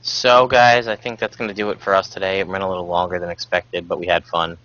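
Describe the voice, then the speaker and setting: A man hosting a casual podcast, talking in a relaxed, rambling way with plenty of fillers. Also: low voice, fast, muffled recording. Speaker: podcast host.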